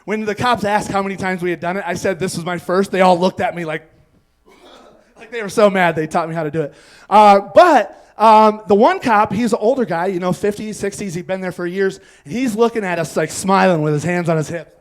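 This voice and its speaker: A man's voice: high voice, fairly quick. A man doing stand-up comedy, telling a rambling story on a club stage and laughing at his own lines.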